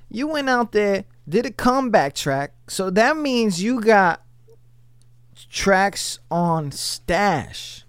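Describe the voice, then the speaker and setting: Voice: medium pitch, big pitch swings, slow, smooth, dry recording. A radio host chatting casually and loosely into a studio mic, often repeating words.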